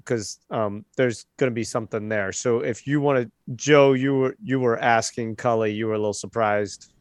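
A man's voice: mid-range voice, steady tone, normal speed, no room sound, studio quality. A man running a tabletop game as game master, in a casual chat.

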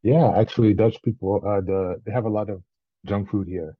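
A man's voice: lowish voice, fairly even intonation, normal speed, breathy edge, no room sound, phone-quality sound. A man from Central Virginia with a slightly French-tinged accent, chatting casually as a podcast guest, laughing often and swearing easily. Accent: slightly French-tinged mix. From Central Virginia, USA. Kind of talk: casual interview chat.

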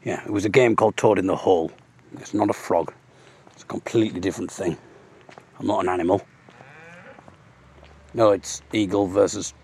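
Brief: male audio blogger, low voice, chatty self-mocking jokes, recorded outdoors on a walk, faint hiss. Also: steady tone, normal speed, creaky, long pauses, a little mellow. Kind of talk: rambling comic monologue on a walk. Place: outdoors walking along a road.

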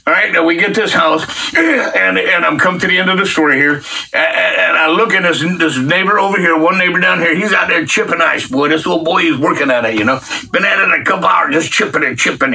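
A middle-aged man telling a faith testimony in a folksy, colloquial, animated way. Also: on the high side, creaky, husky. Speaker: guest sharing a faith testimony. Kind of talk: casual storytelling testimony. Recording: distant mic.

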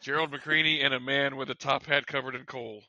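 Bright gravelly guy on a movie podcast, cracks crude jokes and laughs, dry mic. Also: medium pitch, steady tone, brisk, no echo, highs cut off. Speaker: podcast co-host. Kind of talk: casual chat.

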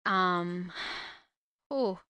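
A woman's voice: lowish voice, extremely slow, pushed and bright, smooth, dry recording. A woman hosting a casual book talk, retelling a story with emotional, indignant asides. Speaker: book discussion host.

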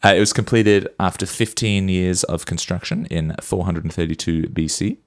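A man with a very deep voice chats casually on a podcast. He tosses in playful, jokey asides as he shares what he read up on. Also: fairly even intonation, moderate pace. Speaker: podcast co-host. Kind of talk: casual chat.

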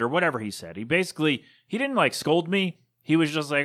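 A man's voice: a little high, very animated, quick pace, few pauses, fairly bright tone. A man hosting his own podcast, telling a story in a casual, rambling, digressive monologue. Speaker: podcast host.

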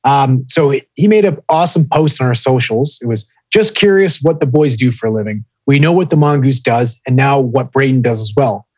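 A man's voice: mid-range voice, lively intonation, moderate pace, few pauses, a little mellow, breathy edge, no echo, low-quality recording. A man co-hosting a casual podcast, telling a story with lots of swearing and reading listener posts aloud. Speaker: podcast co-host.

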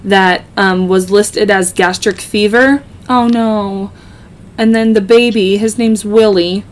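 A woman's voice: mid-range voice, fairly even intonation, slow pace. Chatty woman telling a true-crime story. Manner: chatty, joking asides, frequent ums. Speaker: podcast host.

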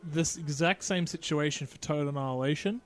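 A man's voice: fairly high pitch, fairly quick. A man co-hosting a gaming podcast in casual chat, blunt and swearing freely. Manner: blunt, swears often, talks over others. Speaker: podcast co-host.

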